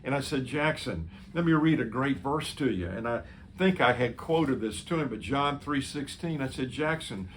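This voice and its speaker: In an expressive, fairly bright voice at normal speed, a pastor tells a sermon story with real earnestness, repeating the words he spoke to another person. His pitch sits in the middle, and slight hiss or hum can be heard.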